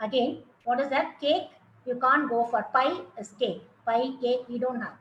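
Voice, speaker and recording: A woman from India, a college lecturer, giving a lecture on translation in a halting way with many fillers. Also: high-pitched, fairly bright tone, slight background noise. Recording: dull, echoey room recording.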